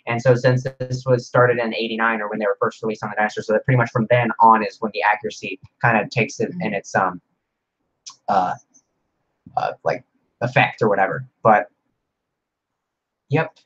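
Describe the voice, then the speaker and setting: A man hosting a casual livestream Q&A, rambling excitedly as he reads viewer comments aloud. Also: on the low side, moderate pace, long pauses, dull audio. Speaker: livestream host.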